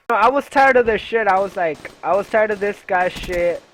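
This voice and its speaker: A man's voice: sits high, lively intonation, measured pace, a bit bright, a little hiss or hum. Young man rambling a profane story. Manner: rambling, profane, full of "you know" and "uh". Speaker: gaming video creator. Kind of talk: casual storytelling over gameplay.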